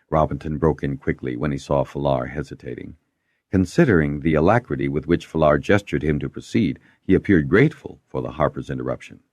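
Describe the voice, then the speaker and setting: A man's voice: brisk, no room sound, studio quality. A man narrating a fantasy audiobook and giving each character a voice of its own. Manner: voices many characters with lively pitch shifts.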